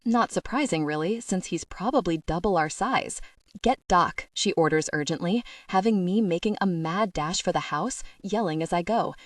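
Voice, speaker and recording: A woman narrating a first-person romance audiobook in an expressive voice. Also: fairly low pitch, normal speed, few pauses, no echo, studio quality, far from the mic.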